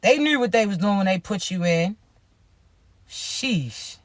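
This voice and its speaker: Raspy woman, tarot reader; loud, profane, preachy hype to camera, dry close sound. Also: mid-range voice, lively intonation, fairly quick, no room sound. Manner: profane, emphatic, hyped-up preaching. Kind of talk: casual spiritual reading to camera.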